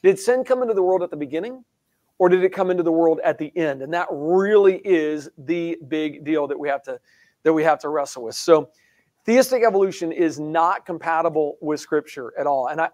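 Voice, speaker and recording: A man giving an emphatic presentation in a discussion, animated, with frequent restarts and mocking asides. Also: fairly high pitch, a little fast, no room sound. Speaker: guest speaker. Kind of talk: presentation in a live-streamed discussion.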